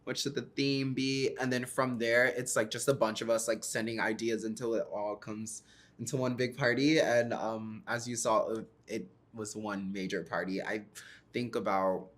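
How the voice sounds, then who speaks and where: A man's voice: fairly low pitch, steady tone, moderate pace, fairly bright tone. A young man on a reality series cast, talking breezily and upbeat in a casual interview and saying "like" often. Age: young adult. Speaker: reality series cast member, party organizer.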